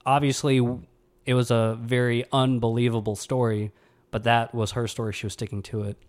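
A man in his thirties from Mississippi, hosting a podcast and telling a personal story in a somber, halting way with many restarts. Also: mid-range voice, level tone. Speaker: podcast host.

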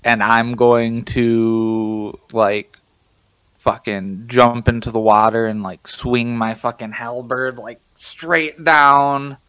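Smooth-voiced eager man playing an orc. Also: mid-range voice, steady tone, takes it slowly, fairly bright tone, no echo, rough recording. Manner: eager, swears casually, describes actions in first person. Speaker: player. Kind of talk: casual tabletop play.

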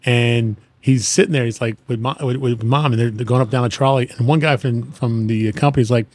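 A middle-aged man rambles through family stories, restarting sentences and mimicking the people in them. His voice sits at a middle pitch. The sound is dry and close, with no room around it. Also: steady tone, fairly quick, no echo. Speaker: guest, retired plumbing business owner. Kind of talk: casual storytelling chat.

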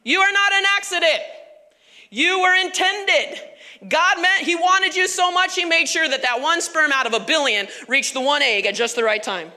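High-pitched woman pastor, animated sermon, chatty and laughing, echoey church hall. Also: moderate pace. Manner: animated, conversational, laughing asides.

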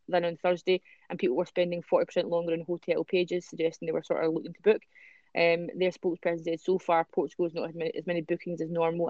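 A man's voice: fairly high pitch, a little mellow, dry recording, dull audio. A Scottish man co-hosting a casual podcast, reading news stories aloud and ranting with swearing. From Scotland. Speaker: podcast co-host.

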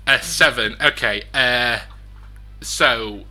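Bright-voiced man running a tabletop game. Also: mid-range voice, takes it slowly, soft background music. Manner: chatty, laughing, restarts often. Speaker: game master.

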